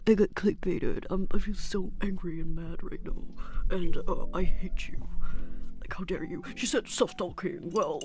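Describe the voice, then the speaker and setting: A woman's voice: fairly low pitch, unhurried, music in the background, voice pushed down, lightly acted. A woman mimicking a huffy clickbaited viewer. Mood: mock outrage. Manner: mock-outraged, huffy complaining. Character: indignant clickbaited chat viewer, whiny.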